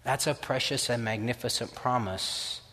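A man preaching a sermon as pastor, lively and acting out the voices of doubters. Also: medium pitch, normal speed. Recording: reverberant hall.

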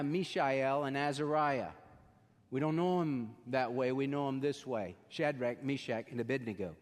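Male pastor, sermon, emphatic swells and quiet drops, somewhat high voice, long hall reverb. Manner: builds to emphatic peaks, then drops soft and slow.

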